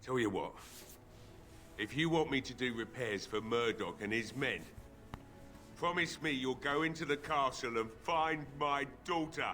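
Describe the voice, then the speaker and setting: A man voicing a gruff, bitter old village blacksmith who is drunk, with a weary drinker's drawl, in a video game. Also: mid-range voice, unhurried, pushed and bright, faint music behind. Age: older.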